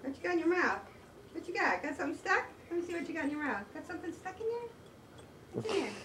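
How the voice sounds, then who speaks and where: A woman's voice: very high voice, very animated, quick pace, fairly bright tone, roomy sound, distant mic. A woman at home, talking to her dog in a coaxing, sing-song pet voice with lots of repetition, in a noisy home video. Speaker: dog owner and hostess. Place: indoors at home.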